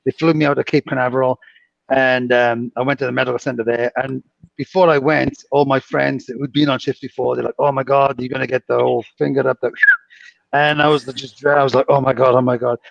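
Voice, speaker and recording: A man in his fifties telling stories in a casual chat, animated and laughing often. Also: mid-range voice, fairly quick, gravelly, no room sound, dull audio. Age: 50s.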